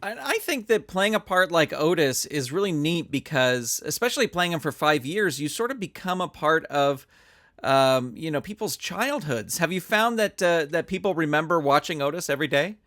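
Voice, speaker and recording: A male podcast host with a fairly high voice asks his questions thoughtfully, pausing to find his words. The recording is close and dry. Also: lively intonation, a bit bright, dry recording. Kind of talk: interview questions.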